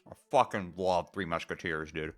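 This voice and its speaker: A man's voice: low-pitched, normal speed, faint music behind. A young man streaming, chatting casually and joking between readings.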